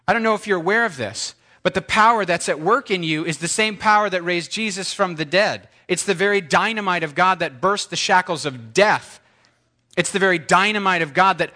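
A man preaching with a high, bright, ringing voice. He teases his listeners with ironic warnings, then lifts into exclaimed peaks before dropping to quiet asides. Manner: dynamic, swings from hushed asides to exclaimed highs. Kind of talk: sermon.

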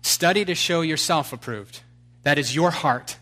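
A man preaching a sermon who moves from loud, fervent exhortation to quiet, confessional storytelling full of casual fillers. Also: fairly high pitch, normal speed. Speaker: pastor.

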